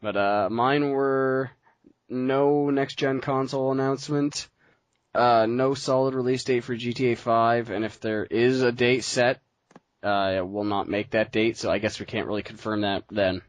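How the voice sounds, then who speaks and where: A man's voice: medium pitch, fairly even intonation, moderate pace, dry recording. Young man, podcast co-host, headset mic, dry close sound, laid-back, laughs a lot. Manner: laid-back, laughs often, steers talk back on topic. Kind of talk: casual chat.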